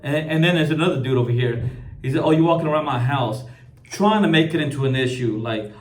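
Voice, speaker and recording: Halting male commentator in an echoey room. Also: a little high. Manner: halting, with frequent restarts and repeated words. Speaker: video commentator. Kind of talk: casual video commentary.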